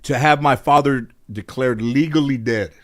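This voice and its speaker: A middle-aged comedian from the Los Angeles area, speaking at a normal speed in a mid-range voice, appears as an interview guest. In a casual conversation he tells childhood stories, imitating his relatives' voices and swearing freely.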